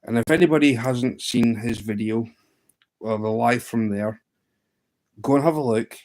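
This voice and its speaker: A man's voice: mid-range voice, normal speed, a little mellow, rough recording. A man hosting a casual livestream, telling fishing stories in a chatty, laughing way. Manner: chatty storyteller, often laughing. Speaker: livestream host.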